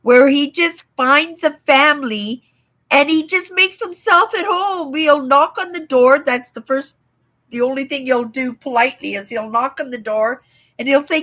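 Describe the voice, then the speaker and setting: Older woman host, rambling home livestream chat, slightly high voice, tagging "right?" onto her lines. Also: a bit bright, low-quality recording. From Canada. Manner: chatty, rambling, often asks "right?".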